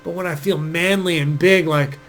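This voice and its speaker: A man's voice: fairly high pitch, moderate pace, slight background noise, low-quality recording. A man giving casual dating advice, chatty and full of fillers, acting out quoted speech as he goes. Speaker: dating coach.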